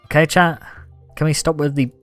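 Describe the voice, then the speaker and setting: A man's voice: on the high side, normal speed, soft background music. A young man chatting casually on a gaming livestream, thanking viewers and reacting to the game. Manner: chatty, reads out gift thanks, animated. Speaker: streamer.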